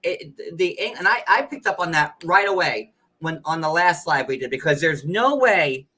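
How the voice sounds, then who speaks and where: Bright-voiced rambling male host. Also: a little high, animated, normal speed, rough recording. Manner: rambling, heavy use of "like" fillers. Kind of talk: casual live chat.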